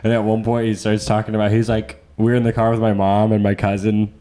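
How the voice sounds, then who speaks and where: A young man co-hosting a podcast, telling stories in casual chat with dry, deadpan jokes. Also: fairly low pitch, quick pace, slight background noise. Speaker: podcast co-host.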